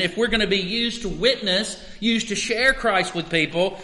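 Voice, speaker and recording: Male pastor, fairly high and bright, emphatic sermon delivery, long reverb of a church hall. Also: moderate pace, hardly any pauses. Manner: emphatic, swinging between loud stresses and quiet asides. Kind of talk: expository sermon.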